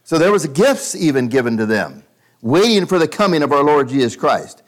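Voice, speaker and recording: A man's voice: on the high side, sing-song, moderate pace. A man preaching in a small church room, reading scripture aloud and commenting on it in a conversational, teacherly way with frequent restarts. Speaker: pastor. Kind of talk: expository Bible-study sermon.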